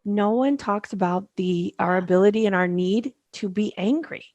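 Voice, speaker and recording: A woman's voice: mid-range voice, normal speed, a little mellow, no echo. A middle-aged woman co-hosting a podcast, speaking emphatically in casual conversation and repeating words for stress. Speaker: podcast co-host, grief specialist.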